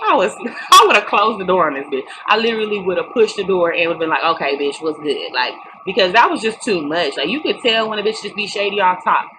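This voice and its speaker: A woman's voice: medium pitch, lively intonation, quick pace, hardly any pauses. A young adult woman giving a casual, opinionated reality TV recap in a blunt, emphatic, profane way. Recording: noticeable background noise.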